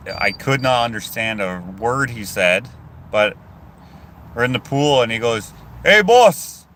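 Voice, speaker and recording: A man's voice: medium pitch, a little slow, a bit bright. A man from Canada chats casually in a car to his phone and reads viewer comments, rambling and cutting himself off. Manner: rambling, chatty, self-interrupting. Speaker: vlogger. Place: inside a car.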